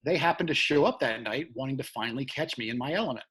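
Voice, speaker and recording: A man, a comedian guest, telling a long road story in casual chat, profane and animated, shouting out the lines he quotes. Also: mid-range voice, fast talker, slightly rough.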